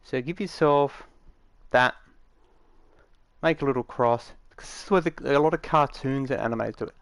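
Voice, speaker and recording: A man's voice: mid-range voice, normal speed, a bit bright, no echo. A man giving a casual, rambling tutorial, matter-of-fact and full of fillers, recorded dry on a close mic. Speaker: game tutorial maker.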